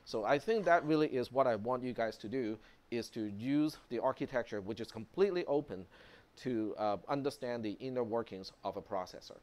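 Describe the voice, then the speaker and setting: A male instructor giving a classroom lecture in an easygoing, conversational manner. He wanders between points with frequent fillers and asks "okay?" to check in with students. His voice sits at an ordinary middle pitch. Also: fairly quick, darkish tone. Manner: conversational, many fillers and tag questions. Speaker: college instructor.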